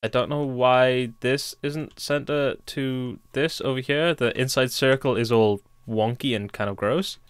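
Rambling gameplay commentary comes from a young man who talks to himself while building in his let's play. He speaks at medium pitch, a little slow with few pauses, in a clear, resonant tone with no echo.

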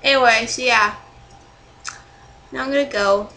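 A young woman vlogging to camera, rambling and exasperated as she rants with plenty of swearing. Her voice sits a little high and sounds bright and sharp, with a faint hiss in the background. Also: steady tone, a little slow, low-quality recording. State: still angry, bruised. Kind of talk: casual vlog rant.

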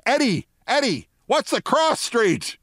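A man putting on a blustering businessman shouting across the street impatiently. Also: very high-pitched, big pitch swings, takes it slowly, no echo, clean studio sound, voice pushed up, exaggerated voice. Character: blustering middle-aged businessman shouting from a limo.

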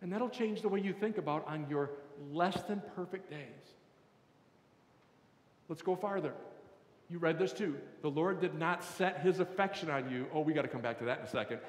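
A man's voice: on the high side, lively intonation, moderate pace. A male pastor giving a conversational sermon and leading the congregation in repeating a phrase. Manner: conversational, leads congregation in call-and-response. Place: large church hall. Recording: roomy hall with long reverb.

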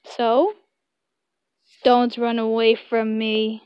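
A woman's voice: a little high, completely flat delivery, drawn-out words, clear, resonant tone, dry recording, highs cut off. Woman voicing a possessive yandere boyfriend. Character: possessive obsessive young boyfriend.

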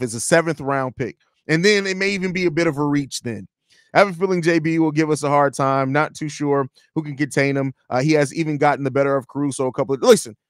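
A man hosting a live fan stream, talking in blunt, profane, animated banter and reading chat comments aloud. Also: fairly high pitch, no echo, studio quality. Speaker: host of a Bulls fan show.

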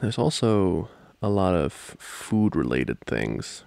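A young man in a whispered role-play as a boyfriend, soft-spoken and playful, laughing often, close to the microphone. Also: low-pitched, big pitch swings, a little slow, vocal fry, pauses often, no echo.

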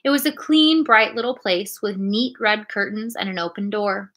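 A woman reading a classic adventure storybook aloud in a clear, expressive storytelling manner. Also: mid-range voice, moderate pace. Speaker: reader.

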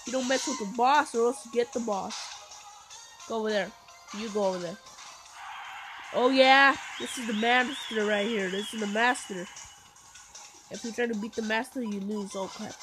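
A woman giving live commentary on her own gameplay, excitable and full of playful trash talk and sudden shouts. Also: fairly high pitch, normal speed, low-quality recording. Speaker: gameplay video host. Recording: game music playing behind. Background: game music.

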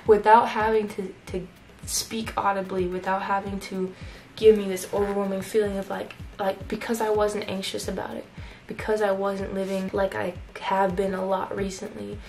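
A young woman tells a story to her camera in a chatty vlog, her voice level and even with a touch of vocal fry. She keeps dropping in "like" as she talks. Faint music plays behind her. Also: medium pitch, normal speed, hardly any pauses, low-quality recording. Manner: chatty, lots of "like" fillers. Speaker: YouTuber.

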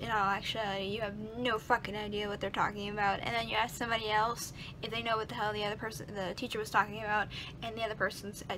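A woman's voice: mid-range voice, background noise. A young woman, a college student, rambling through an exasperated casual vlog at home and swearing freely. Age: young adult. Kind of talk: casual chat.

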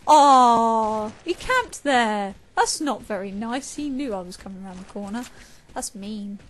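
A woman's voice: fairly high pitch, lively intonation, unhurried, slight background noise. A young woman, chatting casually and raging while she plays a shooter game. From England. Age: young adult. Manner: chatty, swears and rages at the game. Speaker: gamer. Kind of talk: casual gameplay commentary.

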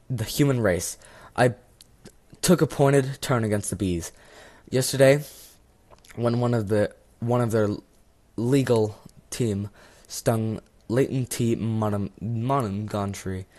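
A man voicing a male news reporter, reading haltingly and stumbling over words in an amateur script reading. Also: mid-range voice, a little mellow, lightly acted. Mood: reporting.

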